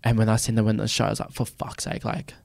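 A young man from Australia, a podcast guest telling stories in casual chat with quick laughs. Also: on the low side, monotone, creaky, a little mellow, dry recording. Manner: fast, chatty storytelling with laughs.

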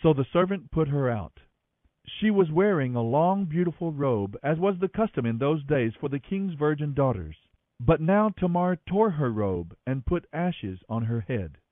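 A man narrating a Bible passage in an expressive, scripted reading as host of a daily reading podcast. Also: on the high side, moderate pace, no room sound. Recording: tinny phone-like audio, dry.

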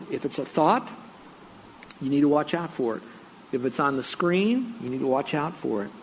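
A man's voice: on the high side, slight background noise, low-quality recording. A man preaching a sermon as pastor, earnest and conversational, with fillers and restarts.

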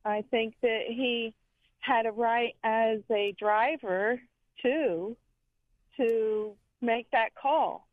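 A woman's voice: on the high side, very slow, dry recording. A woman calling in to a radio show from Florida, a little out of breath, earnest and hesitant. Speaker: caller. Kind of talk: call-in radio chat. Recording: tinny phone line.

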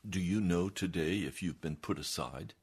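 A man's voice: sits low, normal speed, breathy edge. A male pastor preaching an earnest, emphatic sermon.

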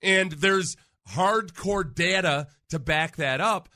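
A male sports radio co-host with a slightly raised pitch and a bright, ringing tone. He talks in a casual, emphatic way and hammers his opinions home with repetition. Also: takes it slowly. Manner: emphatic, animated, repeats himself for stress.

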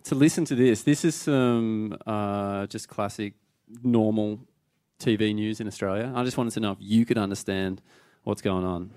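A man co-hosting a live podcast, lively and teasing. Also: fairly low pitch, moderate pace, clear, resonant tone. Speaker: co-host.

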